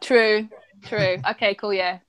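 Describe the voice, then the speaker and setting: A woman co-hosting a casual chat in an expressive, giggly way. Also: mid-range voice, takes it slowly, crowd noise. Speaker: podcast co-host.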